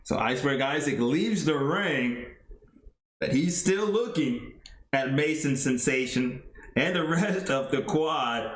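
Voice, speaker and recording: A man narrating a tabletop wrestling game play-by-play, excitable and chuckling along. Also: fairly high pitch, takes it slowly, roomy sound.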